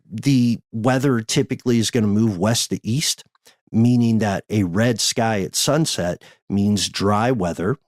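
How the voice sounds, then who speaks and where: A man hosting a podcast, explaining things in a measured, wordy way with frequent filler words. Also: lowish voice, dry recording, clean studio sound. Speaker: podcast host. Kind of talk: casual podcast chat.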